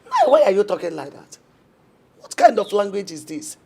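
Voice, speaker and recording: A woman's voice: mid-range voice, huge pitch swings, normal speed, gravelly, dark tone, slight background noise. A middle-aged woman with a Nigerian accent, playing a reproachful, insistent mother in a film drama. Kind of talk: film acting.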